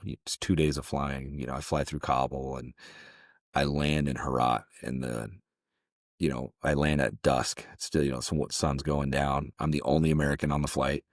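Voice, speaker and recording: A man's voice: extremely low pitch, steady tone, normal speed, no room sound, studio quality. A man from Southern California, a former security contractor, telling stories as a guest in a casual interview, loose and conversational with frequent restarts.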